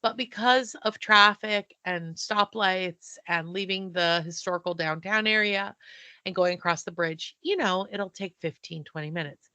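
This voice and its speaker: A woman co-hosting a podcast, telling a story in a casual, animated way and acting out the dialogue. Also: on the low side, a little slow, dry recording. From not from the South. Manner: animated, breathless retelling with quoted dialogue. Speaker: podcast co-host.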